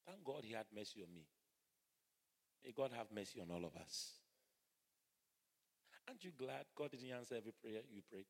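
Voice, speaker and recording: A middle-aged man preaching a sermon, swinging from hushed asides to fervent shouting. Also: on the low side, long reverb tail. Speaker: pastor. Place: church hall.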